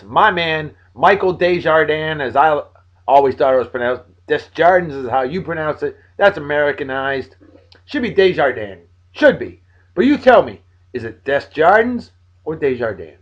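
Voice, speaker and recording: On lo-fi audio, a tired man in his forties with a mid-range voice hosts a video blog. He gives casual, friendly, joking shout-outs to friends, swinging between loud bursts and mumbles.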